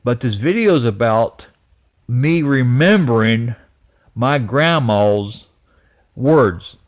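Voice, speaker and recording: A man in his fifties recalling a family memory in a personal vlog, speaking earnestly and haltingly, often repeating and restarting his words. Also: mid-range voice, animated. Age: 50s. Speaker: channel host. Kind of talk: personal reminiscence to camera.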